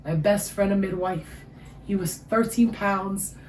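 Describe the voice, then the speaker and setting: A woman's voice: mid-range voice, a little slow. A woman, giving an emotional personal testimony as an interview guest. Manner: emotional, storytelling, animated. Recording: echoey room with faint ambient noise.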